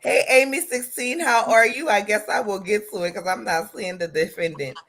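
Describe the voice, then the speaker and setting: A woman co-hosting a casual live stream, giving lively shout-outs to viewers in the chat. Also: medium pitch, moderate pace, crowd noise. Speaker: co-host of a live commentary stream.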